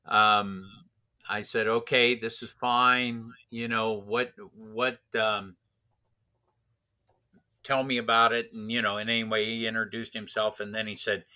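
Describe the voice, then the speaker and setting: A man's voice: fairly low pitch, little pitch movement, measured pace, bright, forceful tone. A man casually telling a racing story, rambling with many restarts and fillers. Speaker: racing driver instructor.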